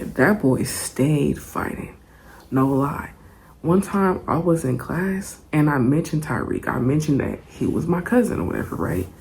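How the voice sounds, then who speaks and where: A young woman telling a story in a casual storytime vlog, animated and profane, laughing often. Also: deep voice, a little hiss or hum.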